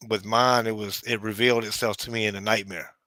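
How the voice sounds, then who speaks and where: Lowish guy rambling on in chat, lots of you know, dry sound. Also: little pitch movement, a little fast, pushed and bright, no echo. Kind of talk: casual chat.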